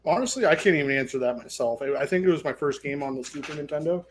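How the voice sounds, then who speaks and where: A man's voice: a little high, lively intonation, quick pace, a little hiss or hum. A man, a guest on a casual chat show, rambling eagerly with lots of ums and restarts. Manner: rambling, eager fan with many fillers.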